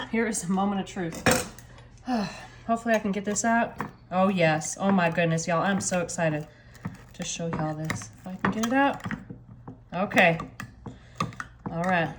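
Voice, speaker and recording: A woman, chatting excitedly to viewers as she serves desserts in a casual cooking video. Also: a little high, slight background noise. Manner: excitable, talks to viewers as "y'all". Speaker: home cooking vlogger.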